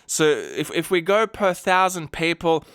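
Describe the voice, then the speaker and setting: A man's voice: fairly high pitch, sing-song, a little slow, fairly bright tone, smooth, dry recording, clean studio sound. An Australian man who hosts fan theories and lays out his argument methodically with rhetorical questions. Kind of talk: explanatory monologue.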